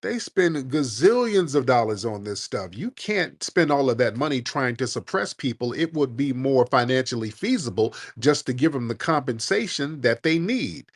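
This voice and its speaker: A man hosting a call-in show, arguing bluntly and combatively and cursing freely. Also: medium pitch. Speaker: show host. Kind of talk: heated live call-in debate.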